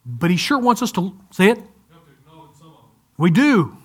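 Man, pastor, higher voice, conversational sermon, humorous asides, restarts sentences. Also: big pitch swings, unhurried, husky. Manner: conversational preaching with light humor and frequent restarts. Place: church service, also streamed to viewers at home.

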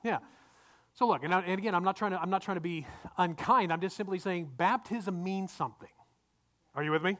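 Pastor guy with a higher voice, talking through a sermon casually, keeps asking the room stuff. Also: fairly quick, fairly bright tone. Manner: conversational, repeats words, asks the congregation questions.

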